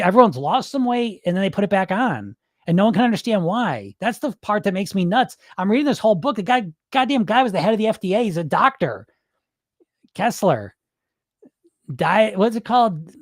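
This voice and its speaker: A man coaching about weight loss on a live stream in casual talk, excitable and blunt, swearing as he gets worked up. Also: high-pitched, dry recording, studio quality. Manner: informal and blunt.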